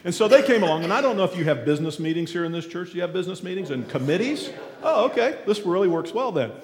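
Preaching as a guest in a large, echoing church hall, a high-voiced man shares a folksy story as his sermon. His delivery begins halting and full of fillers before turning lively as he shouts out the characters' cries, all carried on long reverb.

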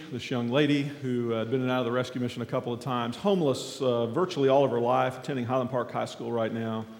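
A man speaking as a guest at a church, telling a folksy story as a sermon. He talks haltingly with many fillers, then gets lively and shouts out the characters' cries. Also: mid-range voice. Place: large echoing church hall. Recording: echoey hall with long reverb.

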